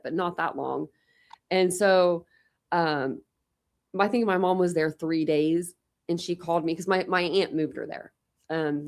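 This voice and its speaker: A talkative young woman chatting casually on an open panel. Her voice sits a little low, and she tells lively stories, jumping into quoted voices as she goes. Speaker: channel host.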